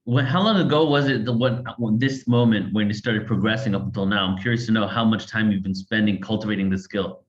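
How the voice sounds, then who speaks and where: A man's voice: lowish voice, fairly quick, few pauses. A man hosting a casual interview, curious and affirming with short replies. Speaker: interview host. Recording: dull lo-fi audio.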